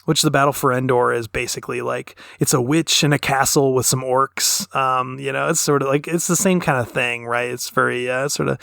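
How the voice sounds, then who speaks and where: A man's voice: mid-range voice, fairly even intonation, brisk, creaky, hardly any pauses, bright, forceful tone, dry recording, clean studio sound. A man co-hosting a podcast, talking in a thoughtful, analytical way with long, winding sentences. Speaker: podcast co-host. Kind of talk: casual podcast discussion.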